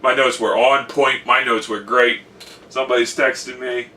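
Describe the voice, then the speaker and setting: A man's voice: mid-range voice, steady tone, moderate pace, bright, forceful tone, distant mic. A young man chatting casually about his college semester, telling stories with lots of quoted asides. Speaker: college student vlogger. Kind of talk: casual vlog chat.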